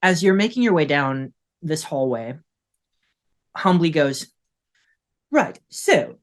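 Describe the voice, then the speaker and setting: A man's voice: a little high, expressive, a little slow. A man narrating as game master of a tabletop game, rambling with many fillers. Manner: rambling, full of "like" and "uh".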